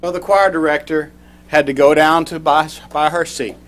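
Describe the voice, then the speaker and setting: A middle-aged man giving a prepared club speech, telling a personal story and reading a poem slowly. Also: a little high, steady tone, fairly bright tone, a little hiss or hum. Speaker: club speaker.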